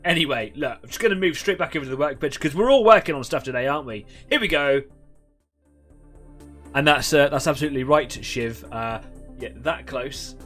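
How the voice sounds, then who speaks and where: A man hosting a live painting stream, chatting in a relaxed, rambling way to viewers while he works. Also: medium pitch, fairly quick, soft background music. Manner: chatty, rambling, self-deprecating. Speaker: host of an online painting club stream. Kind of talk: casual live-stream chat.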